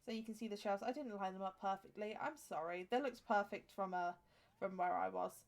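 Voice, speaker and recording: A woman's voice: mid-range voice, brisk, gravelly. A woman in her twenties with an English accent, giving rambling, chatty commentary over a game with many fillers and restarts. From England. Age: 20s. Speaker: game streamer. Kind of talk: casual gameplay commentary.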